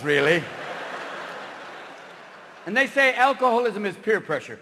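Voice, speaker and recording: A man from California doing a live stand-up routine on stage, talking manically and shouting as he jumps between silly voices. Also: sits high, sing-song, moderate pace, long pauses, a little hiss or hum. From Marin County, California, USA. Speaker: stand-up comedian. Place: stage in a large theater. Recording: reverberant live hall with ambience.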